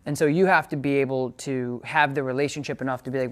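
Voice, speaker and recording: A man's voice: mid-range voice, fairly even intonation, fast talker, fairly bright tone. Upbeat chatty man training dogs. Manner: upbeat, chatty, loose with fillers and asides. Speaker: dog trainer. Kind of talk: casual video lesson, talking to camera and a client.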